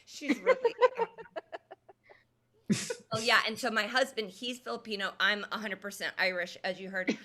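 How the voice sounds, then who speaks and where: A woman from Indiana, in her thirties, performing a stand-up comedy set in a casual, deadpan way with lots of ums. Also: mid-range voice, moderate pace, long pauses. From Indiana, USA. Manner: deadpan, conversational, with filler ums. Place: comedy venue with live audience.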